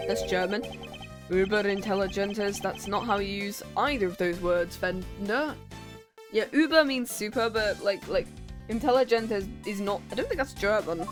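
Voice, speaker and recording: A woman streamer tossing off chatty, self-mocking comments as she plays. Her voice sits at a middle pitch, and quiet game music hums behind her. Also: moderate pace. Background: faint game music.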